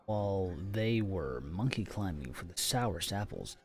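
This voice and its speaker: A man's voice: deep voice, animated, a little slow. Man reading a novel on stream. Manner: stumbles over words and breaks off with offhand asides. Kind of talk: live-stream read-aloud.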